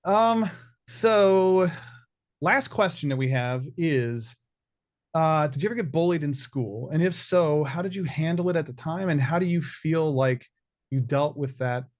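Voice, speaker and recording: Man, interviewer, fairly high voice, supportive, repeats words when starting. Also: a little slow. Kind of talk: casual conversational interview.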